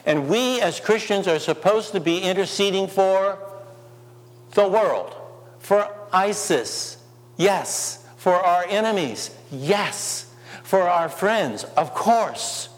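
Impassioned preacher in a reverberant hall. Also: male voice, high voice, expressive, takes it slowly. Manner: impassioned, rhetorical questions, swings between loud and soft. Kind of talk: sermon.

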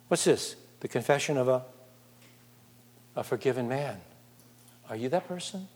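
A man preaching a sermon, reading scripture and putting lively questions to his congregation. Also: mid-range voice. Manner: animated, asks the congregation questions. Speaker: pastor. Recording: long reverb of a large hall.

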